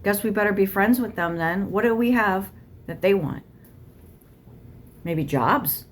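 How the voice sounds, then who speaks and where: A woman's voice: medium pitch, measured pace. A woman tarot reader channeling a spirit guide, ranting bluntly with heavy swearing and arguing back and forth with herself. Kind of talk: channeled spiritual rant to camera.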